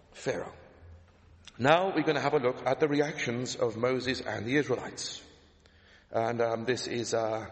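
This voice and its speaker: A man preaching a sermon, emphatic, repeating his key phrases and asking rhetorical questions. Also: fairly high pitch. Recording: echoey hall with long reverb.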